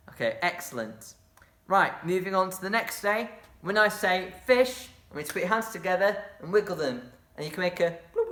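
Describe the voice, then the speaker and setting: Bright-voiced drama leader in an echoey room. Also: mid-range voice, expressive, a little fast. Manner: encouraging, makes playful sound effects. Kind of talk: instructing children in a movement game.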